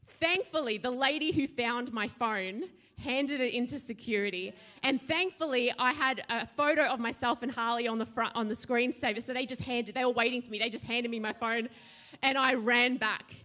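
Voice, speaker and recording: A woman, a pastor giving a sermon and telling a lively personal story. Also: fairly high pitch, normal speed. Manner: animated storytelling, acts out her own shouting.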